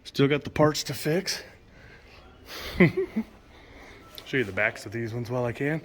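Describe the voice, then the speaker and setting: A vlogger touring a car museum narrates casually as he walks through an indoor hall, enthusiastically reading exhibit signs aloud and sometimes tripping over names. His medium-pitched voice is animated, though his pace is slow.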